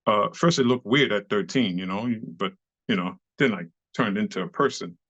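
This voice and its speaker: A man's voice: lowish voice, moderate pace. A man, a club dancer telling stories as an interview guest, slangy and profane and acting out the people in them. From New York City. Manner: animated storyteller, slangy and profane, acts out quoted people. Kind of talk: casual storytelling interview. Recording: slightly dull lo-fi recording.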